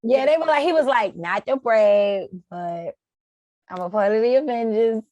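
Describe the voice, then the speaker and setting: A woman's voice: a little high, normal speed, a little mellow, dry recording, dull audio. A woman co-hosting a casual film review, talking in laid-back slang, laughing and swearing. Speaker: co-host.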